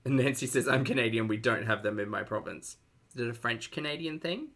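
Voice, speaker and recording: A man with an Australian accent gives live-stream reaction commentary in a sarcastic, chatty way. His voice sounds bright and forward, and he reads out messages from viewers as he goes. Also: mid-range voice, fairly quick, gravelly.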